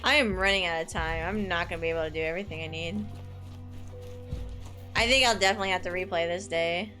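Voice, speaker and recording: A woman streaming a video game live, excitable, quick to laugh and casual in her speech. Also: fairly low pitch, soft background music. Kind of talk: live game commentary and reading dialogue aloud.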